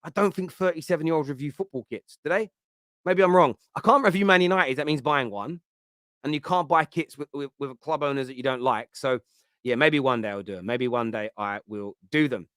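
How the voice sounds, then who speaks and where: A man's voice: mid-range voice, brisk, fairly bright tone, clear, resonant tone, no room sound, studio quality. A man, hosting a casual football chat show in a joking, rambling way with many fillers. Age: 30s. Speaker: host.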